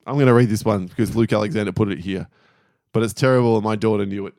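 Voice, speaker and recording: A man's voice: fairly low pitch, quick pace, a little mellow, no room sound, clean studio sound. A middle-aged man, co-hosting a podcast and reading out listener jokes with frequent laughter. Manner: laughs often, swears casually. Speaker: podcast co-host. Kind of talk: casual chat, reading listener jokes aloud.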